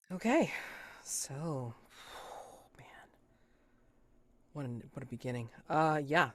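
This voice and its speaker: A game master running a tabletop game, talking loosely with casual fillers. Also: mid-range voice.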